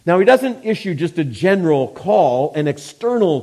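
Man, preacher, sermon, mellow warm tone, dynamic, hushed to loud. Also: on the high side, very animated, normal speed.

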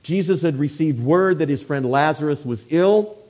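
A man preaching a sermon, swinging from hushed, quiet passages to loud, forceful declarations. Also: a little high, moderate pace.

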